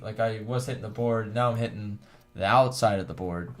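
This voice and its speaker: A man's voice: mid-range voice, a little fast. A man co-hosting a casual podcast with friends, telling a rambling, profane story and laughing often. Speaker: podcast co-host.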